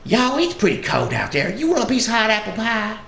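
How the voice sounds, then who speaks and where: A man voicing a sweet, hospitable little old lady with a Southern accent and a high, drawling voice. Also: huge pitch swings, vocal fry, sharp tone, full character voice. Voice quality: high, thin voice with a slow drawl. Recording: echoey room.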